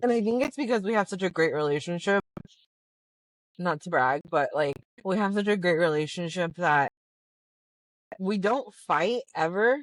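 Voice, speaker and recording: A woman's voice: fairly low pitch, expressive, moderate pace, long pauses, dry recording. A woman in casual, teasing banter with her husband, laughing often, talking in a car. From Latina. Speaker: host's wife, co-host. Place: car while driving.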